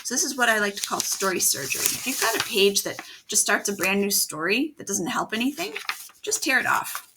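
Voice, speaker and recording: A woman writing teacher modeling how to revise a story aloud, thinking out loud and animated as she reads lines from the draft. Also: mid-range voice, fairly quick, gravelly, very noisy.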